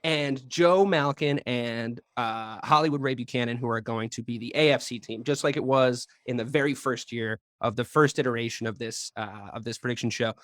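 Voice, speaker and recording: A young man hosting a sports podcast, talking in brash, profane, quick banter. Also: medium pitch, a bit bright, no room sound, clean studio sound. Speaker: podcast host. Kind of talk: casual sports podcast chat. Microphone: podcast microphone.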